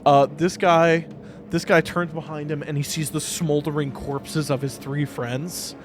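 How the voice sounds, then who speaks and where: A man's voice: a little high, flat delivery, unhurried, noisy background. A man running a tabletop game as game master, narrating in a casual way with laughs and acted screams.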